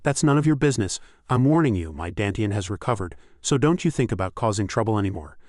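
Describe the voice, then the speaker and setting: A man voicing a cunning young male martial artist who speaks calmly and confidently. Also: on the low side, fast talker, no room sound, studio quality, close to an everyday voice. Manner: calm, confident.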